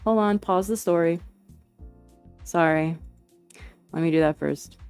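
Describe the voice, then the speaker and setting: A woman's voice: fairly low pitch, a little slow, a little mellow, clean tone, soft background music. A young woman streamer chatting casually and hesitantly, with lots of fillers and restarts. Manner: rambling and hesitant, many fillers and restarts, laughs often. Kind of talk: casual livestream chat.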